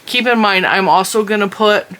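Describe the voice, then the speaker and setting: Bright-voiced chatty woman crochet host. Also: medium pitch, moderate pace. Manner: chatty, giggly, corrects herself mid-sentence. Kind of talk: casual crochet tutorial.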